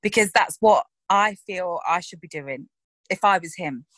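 A woman's voice: fairly low pitch, a little slow, a bit bright, dry recording. Chatty woman, dry close sound. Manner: chatty and frank, laughs often. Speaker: actress interviewed about her roles. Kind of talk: casual interview chat.

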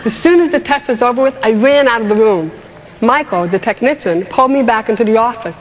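A woman comedian and speaker telling stage stories in an animated way, asking the audience questions and laughing along. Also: fairly high pitch, a little fast, a little hiss or hum. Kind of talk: stand-up storytelling. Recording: large hall with long reverb, faint ambience.

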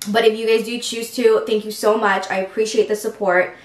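Young woman chatting between bites at her table, excitable, roomy echo. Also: a little high, brisk. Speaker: mukbang host. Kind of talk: casual eating-show chat.

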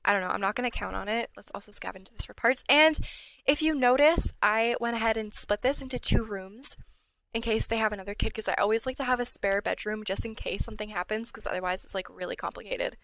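A woman's voice: medium pitch, quick pace, a bit bright, dry recording. A young woman giving casual, chatty let's-play commentary on a life-sim game, sometimes dropping to a whisper. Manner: chatty, drops to whispers when worried. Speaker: gameplay channel host.

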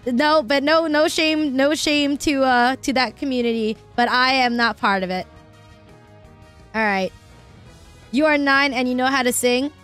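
A young adult woman chatting casually with her viewers while she plays a game, excitable and quick to laugh, cursing when things go wrong. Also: high-pitched, faint music behind. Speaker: streamer. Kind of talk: casual live-stream chat while gaming.

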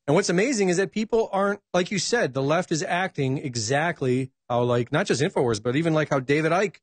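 A man's voice: fairly high pitch, lively intonation, brisk, dry recording. A man speaking as a talk show guest, reflective and hesitant, with many ums and uhs. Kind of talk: casual political talk.

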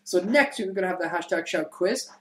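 A man's voice: high-pitched, lively intonation, fast, roomy sound, slight background noise, rough recording. A man hosting a casual comedy podcast, rambling and correcting himself as he explains the show. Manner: rambling, giggly, self-correcting. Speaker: podcast host.

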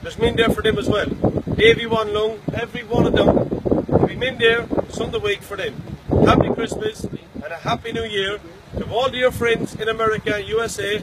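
A man's voice: high voice, level tone, moderate pace. A man sends a rambling, boastful challenge message outdoors, mixing greetings with repeated taunts. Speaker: bare-knuckle fight challenger. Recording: loud wind noise on the mic.

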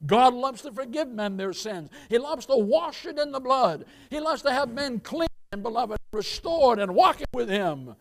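Man, pastor, high voice, emphatic sermon, calls to the congregation, loud then hushed. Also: expressive, normal speed, gravelly, hardly any pauses. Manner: emphatic preaching with call-and-response asides; swings from loud emphasis to quiet asides. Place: church.

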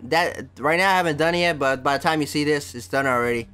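Male gameplay host, a touch high-pitched, loose and rambling, casual commentary. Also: quick pace, sharp tone, clear, resonant tone. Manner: rambling, full of fillers like "basically" and "like".

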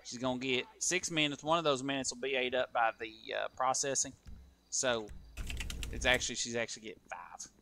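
A man's voice: medium pitch, fairly quick, bright, forceful tone, a little hiss or hum. A man playing a police officer in an online role-play game, folksy and drawling, talking to stream chat. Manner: folksy, drawling, mild exclamations.

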